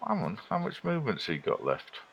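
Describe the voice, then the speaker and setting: A man's voice: mid-range voice, huge pitch swings, a little fast, creaky, a bit bright, muffled recording, slight background noise. A man casually commenting on a board-game match from home, chatty and analytical. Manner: chatty, analytical, breaks off to talk to his cat.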